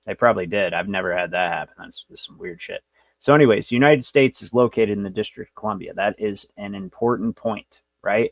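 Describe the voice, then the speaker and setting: Gravelly man lecturing on a livestream. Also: on the low side, dry recording. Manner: brash, profane, rambling. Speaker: show host.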